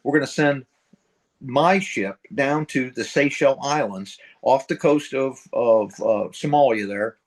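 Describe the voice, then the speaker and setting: A man's voice: mid-range voice, a little slow, low-quality recording. A middle-aged man from the central United States, a retired Marine sergeant major telling war stories in a casual interview, rambling, blunt and profane. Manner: rambling, profane, blunt, voices sound effects.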